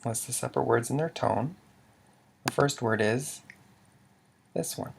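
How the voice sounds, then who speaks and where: A man teaching tone rules step by step, with a methodical manner, saying each example word louder than the rest. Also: mid-range voice, gravelly, a little hiss or hum. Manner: slow and methodical, says Lao example words louder. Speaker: language teacher. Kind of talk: screen-recorded tutorial explanation.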